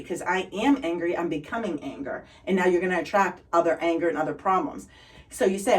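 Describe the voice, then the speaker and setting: Recorded roughly and from afar, a middle-aged woman from Boston tells upbeat stories as a conversation guest. Her accent is pure Boston, her pitch fairly low, her pace fairly quick, and her mood energetic and relentlessly positive.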